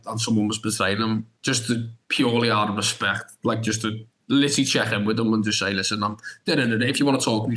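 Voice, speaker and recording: A man's voice: mid-range voice, fairly bright tone, rough recording. A young man, an actor telling a rambling story as a podcast guest and acting out his own reactions. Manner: rambling, full of restarts and filler "da da da". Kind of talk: animated anecdote storytelling.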